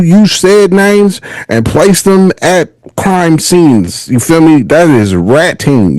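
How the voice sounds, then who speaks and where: Male solo podcast host, AAVE, lively pitch, relaxed and conversational, tagging asides onto nearly every line. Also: dry recording, poor audio. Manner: loose, conversational, constant "you know what I'm saying" asides. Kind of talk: casual commentary monologue.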